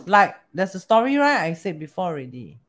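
A woman with a Singaporean accent teaching a lesson, animated, often asking rhetorical questions and switching languages. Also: lowish voice, brisk. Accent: Singaporean English. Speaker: teacher of Chinese metaphysics. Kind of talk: storytelling lesson.

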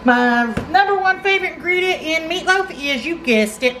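Middle-aged Southern woman, cooking host, high and homey, easy chatty delivery, faint background hiss. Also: expressive, normal speed, pushed and bright, low-quality recording. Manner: folksy, chatty, says y'all. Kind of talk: casual cooking demonstration. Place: home kitchen.

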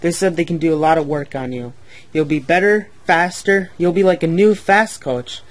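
A man voicing a kindly male railway boss who talks calmly and reassuringly. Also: a little high, moderate pace, close to an everyday voice. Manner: calm and reassuring.

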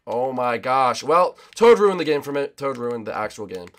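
A man hosting a gaming channel, rambling excitedly to viewers while racing. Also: mid-range voice, normal speed. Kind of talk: casual gameplay commentary.

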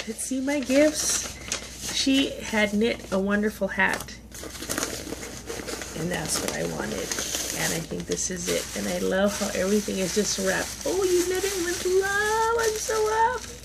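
A woman's voice: medium pitch, gravelly, background noise. A woman, chatting casually on a vlog as she opens gifts, gushing, gasping and laughing. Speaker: vlogger. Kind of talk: casual unboxing chat.

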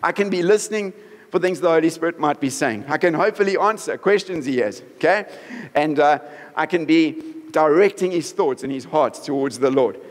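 A man's voice: fairly high pitch, fairly quick. A man preaching a sermon as pastor in a conversational way, often checking in with the congregation. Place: church hall. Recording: reverberant church hall.

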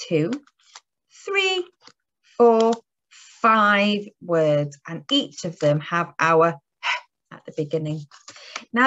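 A woman teaching phonics to young children, lively and encouraging, sounding out letters slowly. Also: lowish voice, poor audio. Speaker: early years teacher. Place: classroom or home table.

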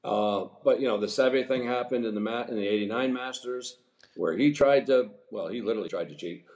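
A man's voice: medium pitch, fairly quick. Man in his sixties telling rambling stories. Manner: rambling, animated anecdotes with chuckles. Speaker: guest, former pro golfer. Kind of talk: casual storytelling interview. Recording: echoey room.

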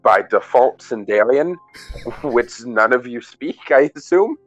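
A man's voice: mid-range voice, animated, slow pace, muffled recording, soft background music. A man running a tabletop game as game master, narrating dramatically and laughing with the players.

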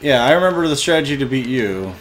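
A young man co-hosting a let's play, chatting casually about a boss fight, swearing offhand and trailing off quietly at the ends of thoughts. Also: mid-range voice, lively intonation, fast talker. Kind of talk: casual gameplay commentary. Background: faint game music.

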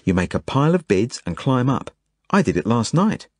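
A man's voice: medium pitch, big pitch swings, moderate pace, no echo, studio quality, voice pushed up. A man voicing an indignant young boy in an audiobook, insistent and defensive.

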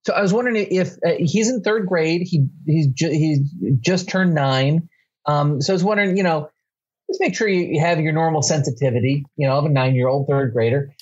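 A man co-hosting a comedy podcast, speaking in a hesitant, halting way. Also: on the high side, slightly rough. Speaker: podcast co-host. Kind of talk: comedic casual chat. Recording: dull lo-fi audio.

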